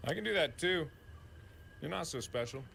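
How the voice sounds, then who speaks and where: Man, casual game commentary, lively swooping voice, joking to himself, faint background noise. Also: fairly high pitch, normal speed, vocal fry. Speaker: gamer playing a horror game.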